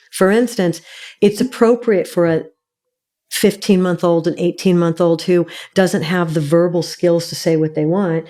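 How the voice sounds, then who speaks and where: A woman's voice: fairly low pitch, dark tone. A woman therapist, a guest on an interview show, explaining emphatically and like a teacher, often checking in with "all right".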